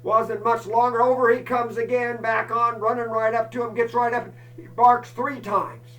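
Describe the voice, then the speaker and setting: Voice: medium pitch, level tone, normal speed, distant mic, low-quality recording. A storyteller telling a folk campfire tale, folksy and chatty, with asides to the listeners.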